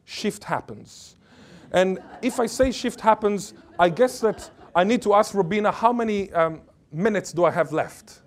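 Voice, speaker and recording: A man's voice: sits high, expressive, unhurried. A man giving an academic lecture as a linguist, emphatic and playful, fond of wordplay and of putting questions to the audience. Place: lecture or workshop before an audience.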